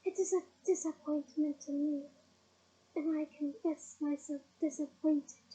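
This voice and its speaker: Woman reads a soft-spoken, menacing male dark lord, slow and cold, high mellow voice, dull lo-fi sound. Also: steady tone. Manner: slow, soft, coldly measured speech. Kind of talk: audiobook reading.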